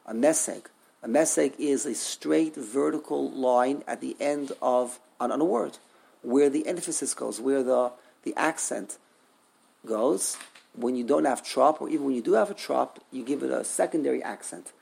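Gravelly, husky man teaching a text class. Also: mid-range voice, moderate pace, darkish tone. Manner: thinking aloud, repeating words, rhetorical questions.

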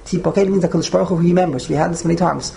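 A man's voice: on the high side, fairly even intonation, very fast, gravelly, dark tone, slight background noise. A man teaching a text study class verse by verse, often repeating and restarting his words. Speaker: Torah teacher.

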